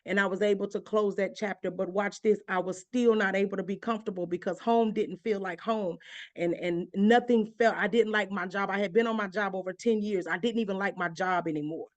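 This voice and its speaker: A woman with a drawl gives an emotional testimony as an interview guest. She builds her points through repetition, her voice rising higher as her feeling swells. The sound is close and dry, with no room echo. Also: fairly even intonation, brisk. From Georgia, US. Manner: impassioned, repeats phrases, voice climbs when stirred. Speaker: interview guest, author and minister.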